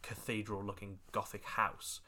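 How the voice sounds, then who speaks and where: A woman's voice: very deep voice, level tone, moderate pace, bright, forceful tone. A young woman in casual chat, telling a story with many fillers. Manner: chatty, storytelling, laughs and coughs.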